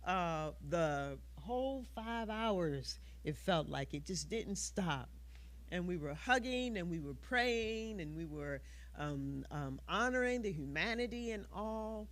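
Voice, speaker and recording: A woman minister speaking at a church service. She talks with many fillers and pauses. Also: on the low side, lively intonation. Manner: slow, warm-hearted, with many fillers. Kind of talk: church announcements.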